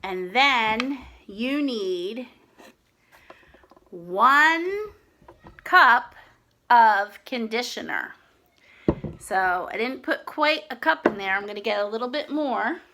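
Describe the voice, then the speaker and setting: A woman reading a picture book aloud to young children in a slow, expressive sing-song voice, then showing a simple craft. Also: fairly high pitch, background noise. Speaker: children's storyteller and craft host.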